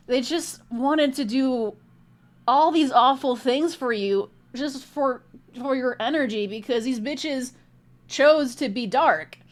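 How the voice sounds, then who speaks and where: A woman with a fairly high voice gives a tarot reading straight to camera. She talks bluntly and indignantly, and she swears freely throughout. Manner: blunt, heavily profane, indignant. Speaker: tarot reader.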